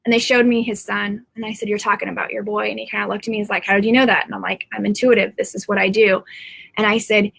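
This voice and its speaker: A middle-aged woman talks straight to her viewers in a loose, rambling live stream from home. Her voice is bright and sharp, and it sits dry and close with almost no room sound. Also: medium pitch, level tone, fast, gravelly, husky, no echo. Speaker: psychic medium.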